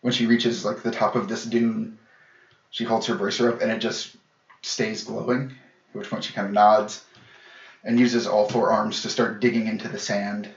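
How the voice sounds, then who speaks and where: A man with a lowish voice narrating a tabletop game as game master. He describes scenes casually and with many fillers. The sound is dull and lo-fi, in an echoey room. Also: little pitch movement, normal speed.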